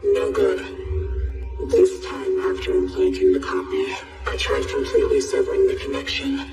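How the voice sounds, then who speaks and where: A creepy cold lab researcher in an anime dub, super high voice, distant, music under it. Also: moderate pace. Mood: clinical. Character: eerie researcher experimenting on samples. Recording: distant voice, echoey, music behind.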